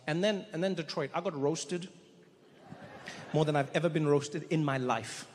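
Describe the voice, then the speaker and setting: A man performs stand-up into a stage mic, telling a story with animated stammers and restarts. His voice sits high for a man. A long hall reverb and faint noise hang behind him. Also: fairly quick. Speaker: stand-up comedian.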